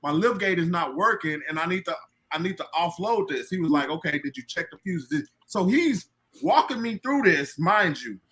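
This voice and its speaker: Man, box truck owner, bright voice a touch high, animated storyteller; casual panel talk. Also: moderate pace. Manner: animated storyteller acting out quoted dialogue.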